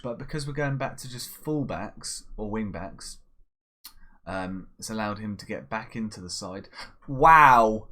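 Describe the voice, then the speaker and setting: Chatty man commenting on his game. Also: medium pitch. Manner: chatty, bursts into excited shouts at goals. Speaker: gaming channel host. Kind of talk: casual Let's Play commentary.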